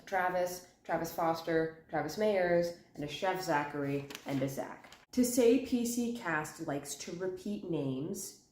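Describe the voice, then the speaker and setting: A woman chatting quickly about books in a casual video essay, sick and talking around a cough drop, rattling off long lists with ums. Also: on the low side, darkish tone, a little hiss or hum. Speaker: book commentary vlogger. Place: indoor room at home. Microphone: camera in front of her. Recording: echoey room.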